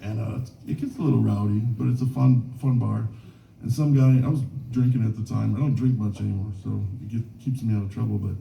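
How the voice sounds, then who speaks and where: A man's voice: lowish voice, fairly even intonation, brisk, gravelly, dark tone. A man performing live in a small bar, telling rambling, self-mocking stories between songs with many restarts. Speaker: singer-songwriter performing live. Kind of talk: stage banter between songs. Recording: roomy bar room from a distance. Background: guitar.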